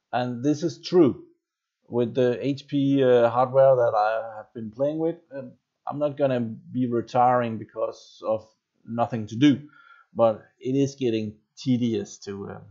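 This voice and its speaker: Here a chatty man from Denmark hosts a casual live stream at home, near a basement workshop. His mid-range voice is a little mellow and the audio is lo-fi. He wanders from topic to topic while reading and greeting comments from viewers.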